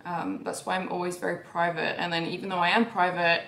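A young woman vlogging about her life in a candid, emotional way. Her voice swings between soft, sighing lines and sudden raised outbursts. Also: fairly low pitch, flat delivery, a little fast, reverberant. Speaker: YouTuber. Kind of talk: confessional vlog talk.

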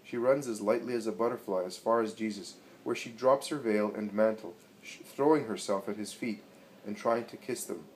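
A man reads a religious narrative aloud in a low voice. His delivery is measured and dramatic, in the manner of scripted storybook narration. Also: a little mellow, slight background noise, poor audio.

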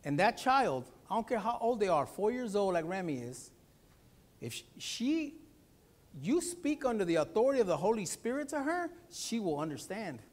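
Pastor guy preaching, highish voice that jumps all over, acts out the voices in his story. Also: very animated, normal speed. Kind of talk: sermon.

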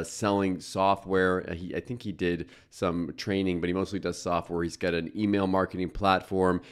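A man hosting a reaction video, commenting casually on a clip he plays, with frequent filler words. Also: deep voice.

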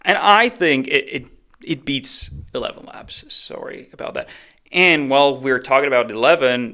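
A man's voice: mid-range voice, creaky, pushed and bright. A man hosting a casual tutorial, explaining in a chatty, upbeat way. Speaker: tutorial host. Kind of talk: casual screen-recorded tutorial.

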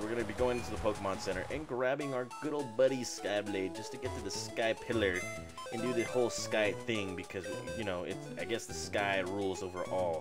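A man giving casual, offhand walkthrough commentary on a video game, joking and trailing off into mumbles. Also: mid-range voice. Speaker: gameplay commentator. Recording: video game music underneath. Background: game music.

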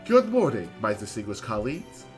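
A man voicing a calm, courteous older male detective in a game's story, speaking in a measured and formal way. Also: lowish voice, soft background music, voice pushed down. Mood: genteel.

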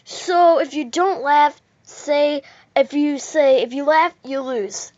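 A woman hosting a casual vlog, talking excitedly and restarting her sentences as she rambles. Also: high voice, slow pace, no room sound, highs cut off. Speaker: video host.

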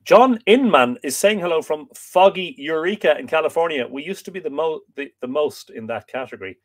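A man from Ireland with a slightly high voice and brisk pace hosts a relaxed live stream, reading aloud from an old history book. Sleepy and yawning, he stumbles over difficult names and stops to greet viewers with easy jokes.

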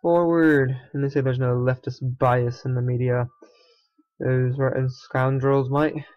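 A young man talks through his strategy game session in a casual, sarcastic ramble, dropping curses and half-muttered complaints. His voice sits at an ordinary male pitch. The recording is dry and slightly muffled, like a home desktop mic. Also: monotone, unhurried, no room sound. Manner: sarcastic, swears, mutters to himself. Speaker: gaming let's player. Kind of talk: casual gameplay commentary.

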